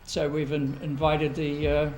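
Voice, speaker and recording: A man, a village trustee, speaking haltingly with many fillers at a public budget meeting. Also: on the high side, monotone, a little mellow, a little hiss or hum, poor audio. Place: council meeting room.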